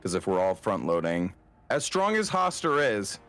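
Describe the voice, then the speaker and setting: A man playing a tabletop game, planning aloud in an unhurried way. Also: deep voice, sing-song, fairly bright tone, faint music behind. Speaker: player. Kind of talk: casual tabletop play.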